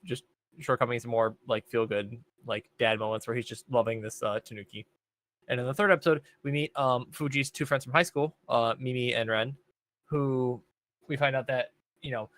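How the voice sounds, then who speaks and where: A young man chats casually on a podcast, recapping a show in a loose, rambling way. His voice sits at an ordinary middle pitch, and he fills his pauses with ums and likes. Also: fairly bright tone. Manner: laid-back, rambling recap with many fillers. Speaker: podcast co-host. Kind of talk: casual chat.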